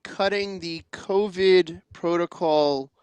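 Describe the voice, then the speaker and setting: A man co-hosting a podcast, talking hockey in an animated way, repeating himself for emphasis. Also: high-pitched, slow, smooth, no echo. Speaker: podcast co-host. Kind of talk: casual sports chat.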